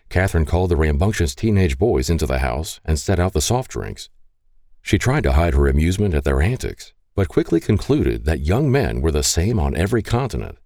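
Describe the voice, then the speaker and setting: Male narrator, audiobook, deep voice, animated delivery, dry sound. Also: no room sound.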